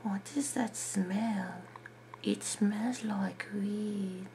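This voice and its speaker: A man putting on a high, breathy voice to play his suspicious, nagging mother in a comic story. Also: steady tone, dark tone, a little hiss or hum, full character voice. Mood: accusing. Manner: slow, accusing. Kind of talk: comedic storytelling.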